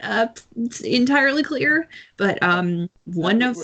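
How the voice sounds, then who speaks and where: A woman's voice: a little high, animated, takes it slowly, a bit bright, muffled recording. A woman, playing her character in a tabletop game, hesitant and full of fillers. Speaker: player. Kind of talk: in-character tabletop role-play.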